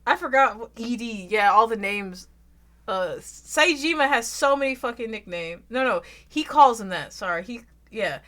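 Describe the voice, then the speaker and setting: Loud, bright-voiced Southern American woman. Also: animated, moderate pace. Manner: loud, rambling, swears freely, bursts into shrill laughs. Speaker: VTuber streamer. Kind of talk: casual chat with stream chat.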